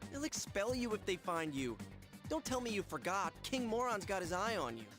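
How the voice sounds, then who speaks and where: Brief: a wisecracking teen sidekick, bouncy lively delivery, game music under it. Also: male voice, high-pitched, moderate pace. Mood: teasing. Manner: sarcastic, teasing. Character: wisecracking teenage boy, jumpy and sarcastic. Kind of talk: video game voice acting. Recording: game dialogue over loud music.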